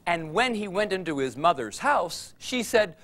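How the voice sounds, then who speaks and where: Man telling a kids' story, slow and unhurried, voice rising and falling a lot. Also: high voice. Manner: animated, laughs along with his tale. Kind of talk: storytelling for all ages.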